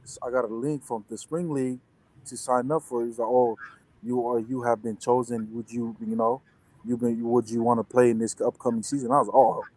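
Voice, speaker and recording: A man's voice: medium pitch, little pitch movement, a little fast, darkish tone, no echo, low-quality recording. A young man, a football player and interview guest, telling a story in casual chat, rambling with many restarts and fillers.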